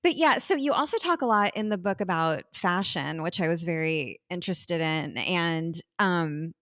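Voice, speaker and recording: A woman hosting a podcast in casual conversation, easygoing and quick to laugh. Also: on the low side, animated, fairly bright tone. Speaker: podcast host. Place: California.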